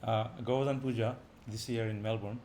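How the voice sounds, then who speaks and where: Visiting speaker, male, energetic informal class, light background noise. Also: lowish voice, fairly quick. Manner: animated, rising loud for emphasis, chuckling.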